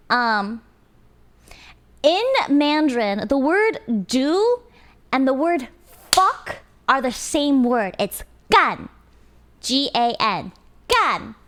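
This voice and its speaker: A young adult woman streamer in casual chat with her viewers, animated and giggly. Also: high voice. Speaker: live streamer.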